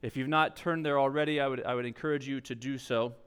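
Smooth-voiced man preaching a sermon. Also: medium pitch, steady tone, fast. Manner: storytelling, conversational, self-deprecating humor. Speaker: pastor.

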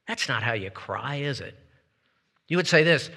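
A man preaching a sermon as pastor, talking in a lively, conversational way and leading his congregation in call-and-response. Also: on the high side, measured pace, vocal fry, long pauses, husky. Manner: lively, conversational, laughs between points. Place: church sanctuary with congregation. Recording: long hall reverb.

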